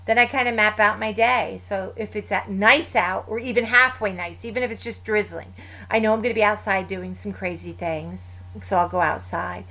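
A woman in her fifties, a guest in a casual chat, telling lively stories and acting out family voices with laughs. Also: mid-range voice, moderate pace.

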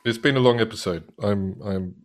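A man's voice: lowish voice, moderate pace. A man co-hosting a casual podcast, joking and teasing his co-host.

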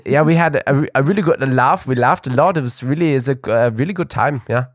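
A man's voice: mid-range voice, no echo, studio quality, natural voice. A man doing a clumsy, clichéd German accent. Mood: chummy. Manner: halting, dropping "th" sounds.

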